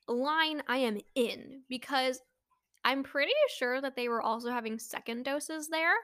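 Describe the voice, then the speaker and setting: A woman's voice: high-pitched, normal speed, no room sound, studio quality. Chatty young woman telling a story. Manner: chatty, animated, lots of fillers, rising to anxious exclamations. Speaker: vlogger. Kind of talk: casual storytime to camera.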